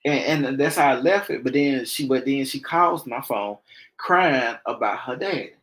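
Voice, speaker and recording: A young man hosting a podcast, telling a personal story in a casual, animated way and acting out the quoted voices. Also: mid-range voice, unhurried, rough recording. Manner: animated, acts out quoted speech in raised voices. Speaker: podcast host.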